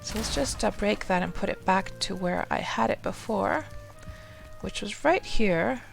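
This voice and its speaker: A woman's voice: mid-range voice, expressive, a little slow, gravelly, faint music behind. A woman streaming a game live, chatting casually in a rambling way, often talking to herself and greeting her viewers.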